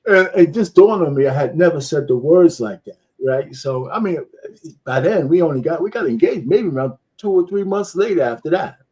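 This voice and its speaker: A man's voice: a little high, animated, moderate pace, darkish tone. A married man in a casual chat, telling a personal story in a laid-back way.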